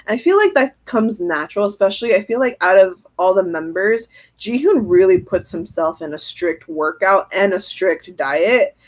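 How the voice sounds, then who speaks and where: A chatty woman giving a relaxed tarot reading, talking through her thoughts as they come. She giggles often and answers comments from viewers as she goes. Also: medium pitch, normal speed. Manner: chatty, giggly, thinks aloud. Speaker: tarot reader. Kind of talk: casual tarot reading livestream.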